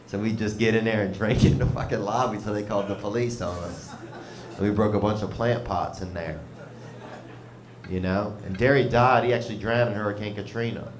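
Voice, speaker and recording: Onstage at a comedy club, a man with a lowish voice drawls through a casual, rambling set heavy on Southern slang. The recording sounds roomy, with the live audience laughing in the background.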